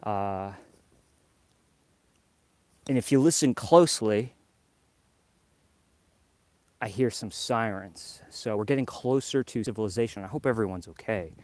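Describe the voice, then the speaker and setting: A man's voice: lowish voice, measured pace, pauses often, darkish tone, no echo. A man from New York hosting a casual live vlog outdoors in the snow, chatty and a little out of breath as he walks. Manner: rambling, chatty, talks to viewers. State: slightly out of breath. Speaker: livestream host.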